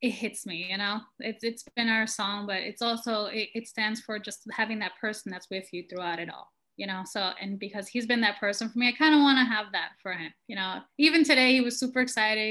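A woman guest on a podcast, talking in a relaxed, casual way with frequent "um" and "kind of". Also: mid-range voice, fairly quick.

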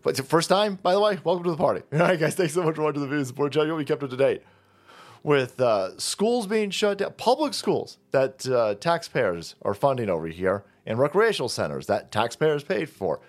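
A man's voice: fairly high pitch, big pitch swings, brisk. A man hosting a profane political commentary channel, sarcastic and mocking as he talks over a clip. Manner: sarcastic, mocking, foul-mouthed, laughing.

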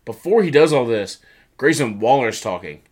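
Man, medium pitch, casual wrestling recap chat, animated, acts out lines in voices. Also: normal speed, husky. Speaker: podcast co-host.

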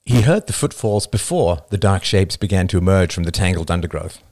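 A man reads an audiobook in a measured, soft-spoken manner. His voice is very low. The recording is close and dry. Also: expressive, no room sound. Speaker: narrator. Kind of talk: audiobook narration.

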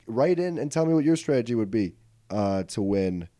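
A man's voice: medium pitch, lively intonation, normal speed, warm tone, dry recording, clean studio sound. A male podcast host telling a comedic story in a rambling way, often checking in with "right?".

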